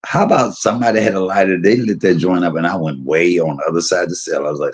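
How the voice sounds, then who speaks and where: A middle-aged man casually telling a personal story, animated and laughing, using street slang and acting out quotes. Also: sits low, quick pace, few pauses.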